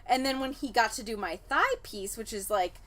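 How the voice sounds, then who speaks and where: A young woman co-hosting a casual podcast chat, telling stories and acting out quotes with big jumps in pitch. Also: expressive, moderate pace, a bit bright. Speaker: podcast co-host.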